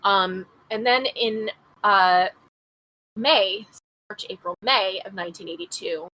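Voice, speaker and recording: A woman's voice: medium pitch, slow pace, sharp tone. Woman casually reading a true-crime case. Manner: reads case notes aloud, stumbling on place names, with blunt asides. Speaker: podcast co-host.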